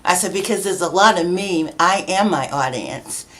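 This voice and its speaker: A woman's voice: on the low side, moderate pace, a bit bright. A middle-aged woman from Massachusetts, a guest author, telling stories in a chatty way, laughing often and acting out the voices of people she quotes. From New Bedford, Massachusetts, USA. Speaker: guest, children's book author. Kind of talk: casual conversational storytelling.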